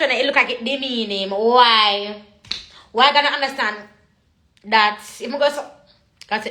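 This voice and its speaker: A woman's voice: medium pitch, normal speed, sharp tone, roomy sound. A woman talking in an emotional, casual monologue, emphatic and repetitive. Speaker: vlogger.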